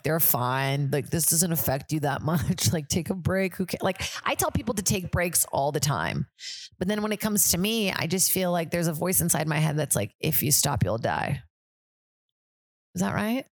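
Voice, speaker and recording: A woman's voice: lowish voice, no echo. A woman comedian hosting a casual podcast chat, rambling with lots of fillers, swearing and laughing often.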